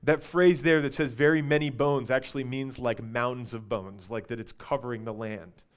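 A man's voice: medium pitch, fairly even intonation, moderate pace, clear, resonant tone. Man preaching a dramatic sermon. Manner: dramatic scripture reading, swings between loud and hushed.

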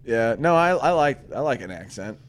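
A man's voice: medium pitch, very animated, normal speed. Giggly, teasing male co-host. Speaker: co-host of a morning show. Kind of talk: casual chat.

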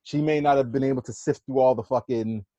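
A man co-hosting a podcast, telling stories in casual chat, swearing a lot and animated. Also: mid-range voice, a little fast, no echo, dull audio. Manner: profane, animated storytelling. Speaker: podcast co-host.

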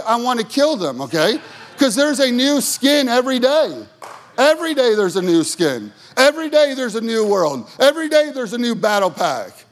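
Male pastor, sermon, high voice, emphatic questions, playful asides. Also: sing-song, moderate pace. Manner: emphatic, rhetorical call-and-response questions; joking asides to the congregation.

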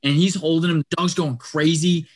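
A man telling a long story in casual chat, animated and acting out what people said, with lots of "like" and quick restarts. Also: fairly high pitch. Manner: animated, acts out quotes, lots of "like".

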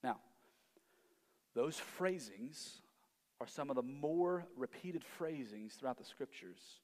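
A man preaching a sermon. He swells to loud emphasis and then drops almost to a hush. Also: mid-range voice, animated, slow, in a large hall. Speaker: pastor.

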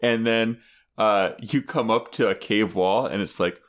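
A man's voice: fairly low pitch, measured pace, smooth. Playful man telling a podcast story. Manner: playful, laughs while telling a made-up story. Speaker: podcast co-host. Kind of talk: casual chat.

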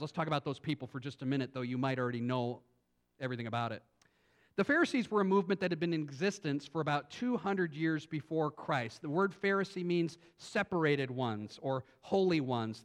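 A man preaching a sermon as a pastor, speaking emphatically with frequent restarts and reading scripture dramatically aloud. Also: fairly high pitch.

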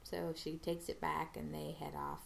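A woman casually recapping a TV episode, halting with restarts and briefly acting out the characters' lines. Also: sits low, level tone, vocal fry, slight background noise.

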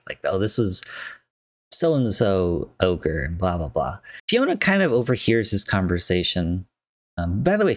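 Low-voiced man casually recapping a film. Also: no room sound, studio quality. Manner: rambling, filler-heavy, chatty.

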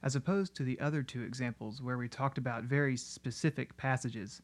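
A man giving scripted narration that explains music in an analytical, steady way. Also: medium pitch, fairly quick. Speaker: music video essayist.

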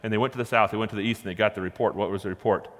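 A man preaching a sermon, retelling a story in a lively, conversational way with chuckling asides. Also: lowish voice, rapid-fire. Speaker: pastor. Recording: echoey hall.

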